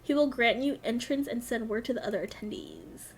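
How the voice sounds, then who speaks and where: A woman's voice: on the high side, fairly quick, husky, voice pushed down. A woman reading as a courtly knight lord. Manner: courtly, effusive, old-fashioned. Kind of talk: reading game dialogue aloud.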